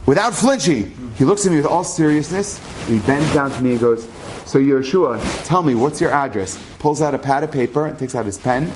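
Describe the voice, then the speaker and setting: A man speaking as the storyteller, telling a personal story in an animated, conversational way. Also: fairly high pitch, fairly quick, hardly any pauses, background noise.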